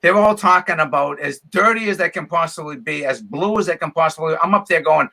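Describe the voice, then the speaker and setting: Gravelly Boston man, bright tone. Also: fairly high pitch, quick pace. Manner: emphatic, repeats phrases, laughs easily. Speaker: comedian and guest. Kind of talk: casual interview chat.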